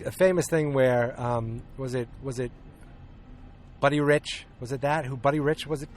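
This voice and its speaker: A podcast host recaps a film casually, rambling and hesitating with plenty of ums and restarts while acting out the lines he quotes. His voice is mid-range, with slight background noise.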